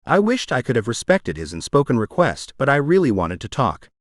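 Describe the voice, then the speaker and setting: A man's voice: mid-range voice, wildly swooping pitch, fairly quick, no room sound, clean studio sound. A man narrating an audiobook in the first person, in a conversational, wry storytelling manner.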